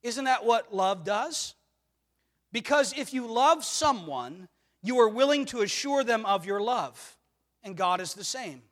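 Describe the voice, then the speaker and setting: A man's voice: high-pitched, animated, measured pace, a bit bright. A man preaching a sermon with earnest rhetorical questions, his volume swelling and dropping. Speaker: pastor. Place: church sanctuary. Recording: long reverb of a church hall.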